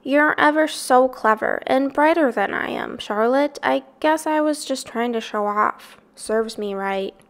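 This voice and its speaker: A woman's voice: high-pitched, measured pace, creaky, hardly any pauses, a bit bright, full character voice. Wilbur, an eager young pig, as a woman puts him on. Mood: sheepish.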